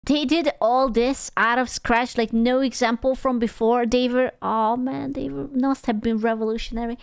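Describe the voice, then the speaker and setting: Excitable, swearing woman streamer, bone-dry sound. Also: on the high side, normal speed, vocal fry, clear, resonant tone, no room sound. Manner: excitable, exclamatory, swears often. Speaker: streamer reacting to a video. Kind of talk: casual reaction commentary.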